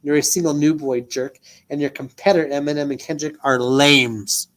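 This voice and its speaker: A man's voice: fairly high pitch, steady tone, normal speed, fairly bright tone. A man doing a cappella diss rap with mumbled spoken asides and a repeated chant. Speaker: amateur rapper.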